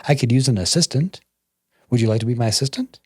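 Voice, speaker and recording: A man quoting his female friend, a healing-touch teacher, in a brisk, smiling way. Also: mid-range voice, animated, a little mellow, husky, no echo, clean studio sound. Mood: breezy. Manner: breezy, brisk, smiling offer.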